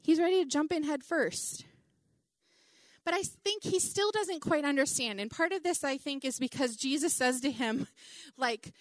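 Chatty high-voiced woman preacher. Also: normal speed, no echo, studio quality. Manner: chatty and animated, acts out scenes, many "like"s. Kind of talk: sermon, conversational Bible teaching.

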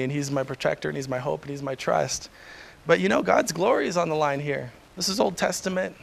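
A man's voice: fairly high pitch, gravelly, a bit bright. A middle-aged man preaching a sermon in a conversational way, often chuckling and acting out the voices he quotes.

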